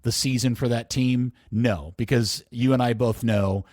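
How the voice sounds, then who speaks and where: A man's voice: mid-range voice, steady tone, measured pace, a little mellow, no echo, clean studio sound. A man co-hosting a casual podcast chat, rambling and correcting himself, laughing often. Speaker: podcast co-host.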